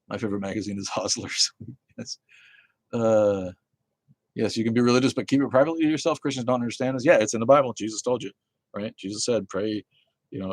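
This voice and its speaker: A Connecticut man hosts a live stream on a phone mic, ranting at and chatting with viewers in a heated, profane way. His voice is husky and fairly low, with no room sound.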